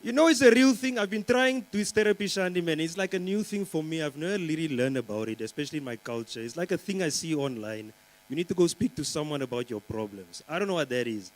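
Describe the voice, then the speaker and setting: A man's voice: on the high side, animated, fast talker, poor audio. A young man from Namibia, performing a rambling stand-up comedy set at a conference and teasing the crowd. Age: young adult. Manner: chatty, rambling, teasing the crowd with lots of fillers. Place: conference stage before a live audience.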